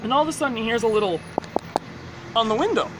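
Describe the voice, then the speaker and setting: A man telling a long joke casually, jumping into high character voices for the people in it. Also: fast, background noise. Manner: animated storyteller, jumps into high character voices. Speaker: joke teller.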